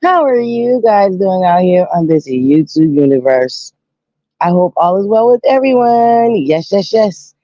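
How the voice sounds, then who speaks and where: A woman hosts a casual live stream, drawling slowly and greeting her viewers with exclamations. Her voice is dry and close, with a dull, lo-fi sound. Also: lowish voice, animated, dark tone, no echo. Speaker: host.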